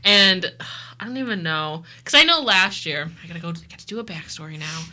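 A woman's voice: fairly low pitch, brisk. A young woman in college, a student news editor, chatting casually and rambling animatedly with friends on a podcast. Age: young adult. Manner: animated, rambling, laughs often. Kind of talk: casual chat among friends.

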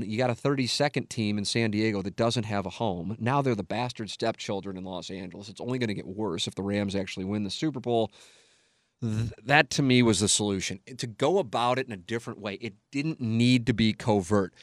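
A man's voice: fairly low pitch, no room sound, studio quality. A middle-aged man hosting a podcast, talking bluntly and emphatically and swearing freely. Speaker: podcast host. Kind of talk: casual opinionated podcast talk.

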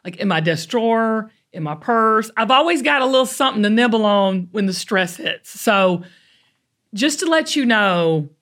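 A middle-aged Southern woman with a Southern American accent, hosting a talk show in chatty, animated storytelling. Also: mid-range voice, normal speed. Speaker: host. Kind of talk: casual chat.

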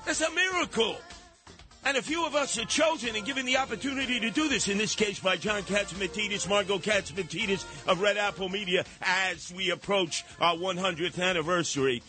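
A man's voice: sits high, a little fast, sharp tone, faint music behind. A man hosting a talk radio show, ranting in a brash, sarcastic way and mocking people with put-on voices. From New York. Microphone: studio microphone.

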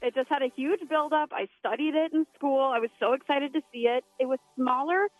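A woman's voice: high voice, a little fast, no room sound, faint music behind. A woman calling a radio show, earnestly describing a disappointing trip. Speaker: caller. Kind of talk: phone call to radio show. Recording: dull dry phone audio.

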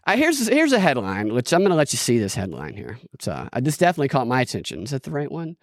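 A man's voice: mid-range voice, huge pitch swings, fast, no room sound, clean studio sound. A man hosting a podcast, chatting in a loose, sarcastic, joking way. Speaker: podcast host. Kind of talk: casual chat.

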